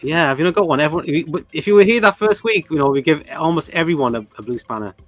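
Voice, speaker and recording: A man's voice: a little high, lively intonation, faint music behind. A man co-hosting a casual livestream, reading out viewer comments and greeting people in chat. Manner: chatty, greets viewers, quick bursts. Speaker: livestream co-host.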